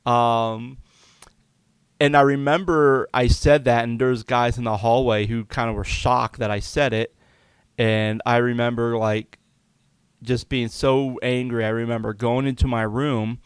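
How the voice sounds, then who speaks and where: A man's voice: mid-range voice, fairly even intonation, unhurried, smooth, no echo. A man hosting a podcast, telling a candid personal story in a confessional, conversational way with many fillers. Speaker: podcast host.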